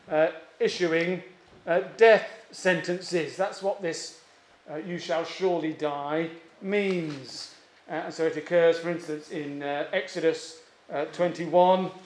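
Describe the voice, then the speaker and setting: A man's voice: a little high, echoey room. A man preaching an expository sermon, emphatic and given to repeating key phrases, with frequent fillers.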